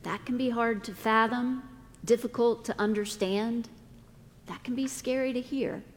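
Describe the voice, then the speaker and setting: A middle-aged woman pastor preaching a sermon, speaking deliberately with dramatic pauses. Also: on the high side, steady tone, slight background noise. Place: church sanctuary. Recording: long reverb of a church hall.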